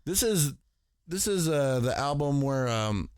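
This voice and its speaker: A man co-hosting a podcast in relaxed casual chat, recorded with a dry, close sound. He is laid-back and profane. He drops frequent "right"s of agreement. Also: mid-range voice, unhurried, smooth, dry recording. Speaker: podcast co-host.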